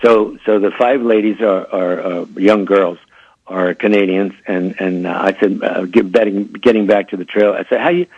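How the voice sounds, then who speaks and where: A man's voice: lowish voice, steady tone, normal speed, husky, dry recording, dull audio. An older man, a comedian guest, telling showbiz stories with funny put-on voices.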